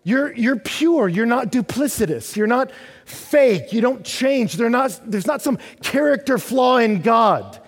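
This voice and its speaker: Husky high-voiced preacher in a reverberant hall. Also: male voice, animated, a little slow. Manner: emphatic, repetitive preaching, acting out the psalmist's prayers. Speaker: pastor. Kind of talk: sermon.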